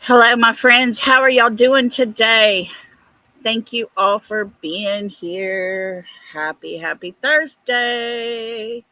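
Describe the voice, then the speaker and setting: Woman, livestream host, winded, slow and bright, dry close mic. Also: a little high, no room sound, rough recording. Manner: chatty, greets viewers by name. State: out of breath. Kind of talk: casual livestream chat.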